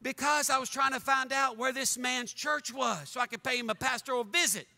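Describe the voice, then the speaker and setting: Animated pastor preaching in a reverberant church. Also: male voice, very high voice, fairly quick, gravelly. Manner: animated, mock-angry, joking. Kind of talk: fiery sermon. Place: church sanctuary. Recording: long church hall reverb.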